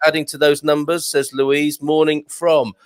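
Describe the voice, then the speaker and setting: A man's voice: a little high, flat delivery, clear, resonant tone, no echo. A man hosting a live show, chatting and reading out viewer comments with plenty of restarts. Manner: chatty, halting, with many restarts. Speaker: host.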